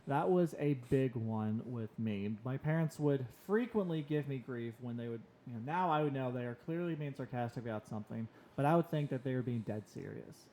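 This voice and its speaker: Mellow-voiced young man telling stories. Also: medium pitch, fairly quick, few pauses, slight background noise. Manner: storytelling, animated when quoting himself. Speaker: podcast co-host on the autism spectrum. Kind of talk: casual podcast chat.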